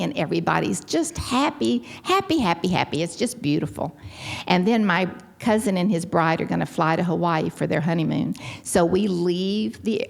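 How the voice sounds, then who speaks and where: Gravelly older Texan woman telling her story. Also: on the low side. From Texas. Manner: animated storyteller, acts out quotes. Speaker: recovery meeting speaker. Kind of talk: personal testimony talk. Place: large hall.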